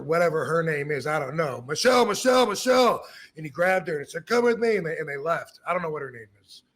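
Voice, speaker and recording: Middle-aged man, gravelly voice, fairly high pitch, casual storytelling, animated quoted dialogue, faint background noise. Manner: animated, acts out quoted dialogue, frequent restarts. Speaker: podcast host.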